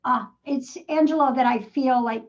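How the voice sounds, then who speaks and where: A woman's voice: sits high, moderate pace, lo-fi sound. A woman psychic medium giving a live reading, asking probing questions and calling the sitter darling and sweetheart.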